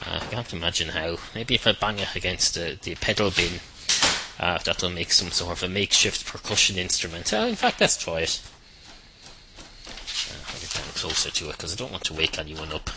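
A middle-aged Irish man hosting a podcast, delivering a deadpan, meandering comic monologue full of fillers and restarts. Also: sits low, moderate pace, noisy background. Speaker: podcast host. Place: at home at night.

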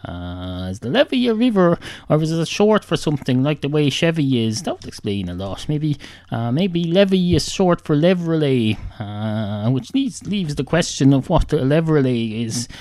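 A man giving a rambling comic monologue, deadpan and halting, with many "uh" fillers. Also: on the high side, dry recording. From Ireland.

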